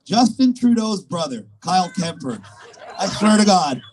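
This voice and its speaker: A man delivers an emphatic rally speech with a high-pitched voice. He races through his story in quick bursts. He sounds set back from the microphone. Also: big pitch swings, a little mellow, a little hiss or hum. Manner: emphatic, rapid-fire storytelling. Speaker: rally speaker. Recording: distant mic.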